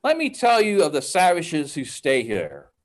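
Dude reading a smug tattletale brother, eager and accusing, pitch bouncing around in a storybook. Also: male voice, huge pitch swings, measured pace. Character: self-righteous tattling man, eager and accusing.

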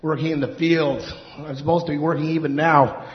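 A man's voice: on the high side, fairly even intonation, fairly quick, natural voice. Skit role: man as a hesitant, worn-out older brother, muffled echoing hall. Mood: weary. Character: weary young man, an older brother who works the fields. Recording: echoey hall, dull sound.

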